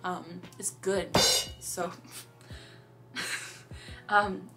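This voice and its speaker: A woman's voice: fairly low pitch, little pitch movement, drawn-out words, loud music behind the voice. A young woman from Canada talking casually to camera in a vlog, chatty, with sudden phrases blurted out between sentences. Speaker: vlogger.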